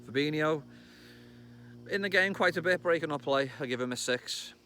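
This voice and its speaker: A man in his thirties with a Liverpool accent, chatting excitedly outdoors about a football match, swearing and bursting into loud shouts. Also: on the high side, moderate pace, a little hiss or hum. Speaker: football fan vlogger. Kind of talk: casual match reaction vlog. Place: outdoors among trees.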